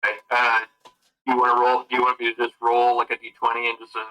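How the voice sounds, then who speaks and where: A man's voice: mid-range voice, completely flat delivery, fast talker, pushed and bright, poor audio. A man playing a tabletop game, asking careful questions about the rules. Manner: asks careful clarifying questions. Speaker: player. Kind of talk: casual tabletop game talk.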